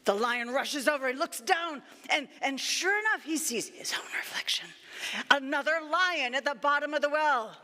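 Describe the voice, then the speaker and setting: A woman minister telling a playful, animated story to children during a church service. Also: high-pitched, normal speed. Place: church sanctuary. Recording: echoey church sanctuary.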